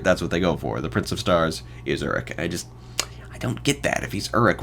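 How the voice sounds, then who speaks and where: A man's voice: sits low, fairly bright tone, a little hiss or hum. A man in his twenties hosting a solo podcast, reviewing films with casual commentary and sarcastic, wry asides. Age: 20s. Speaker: podcast host.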